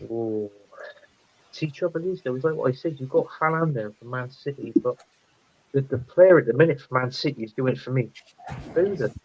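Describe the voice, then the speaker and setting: A man with a voice of middling pitch, chatting on a football panel. He tells stories in a loose, friendly way. The sound comes over a video call. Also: animated, moderate pace, breathy edge, muffled recording. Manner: chatty, anecdotal. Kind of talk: casual chat.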